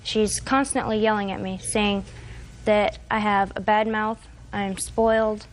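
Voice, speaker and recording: A woman in her twenties giving courtroom testimony, retelling events haltingly with fillers and restarts. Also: medium pitch, steady tone, slight background noise. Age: 20s. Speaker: defendant.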